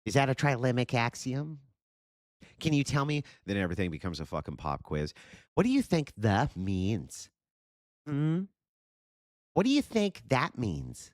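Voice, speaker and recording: A man mimicking a smug, condescending woman debater in high, drawn-out, mocking questions. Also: wildly swooping pitch, a little mellow, dry recording, studio quality.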